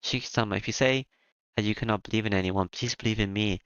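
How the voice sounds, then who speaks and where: A man reading the part of a gentle, devoted young maid woman from a game, with a halting delivery full of small fillers. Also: fairly low pitch, smooth, no echo, close to an everyday voice. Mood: pleading. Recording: dull lo-fi with music behind.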